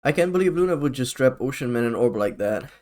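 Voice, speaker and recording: A man's voice: medium pitch, lively intonation, fast talker, a little mellow. A man streaming live, chatting casually in a rambling, profane way with frequent laughs.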